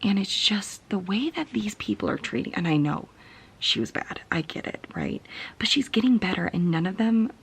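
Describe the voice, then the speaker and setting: Whispery gravelly young woman ranting. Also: mid-range voice, expressive, moderate pace. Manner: ranting, frustrated, often whispering late at night. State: tired. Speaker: book vlogger. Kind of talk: casual reading vlog.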